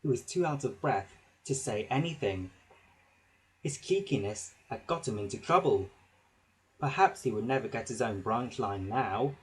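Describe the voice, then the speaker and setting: A man narrating a children's story with a slow, expressive reading. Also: mid-range voice, low-quality recording.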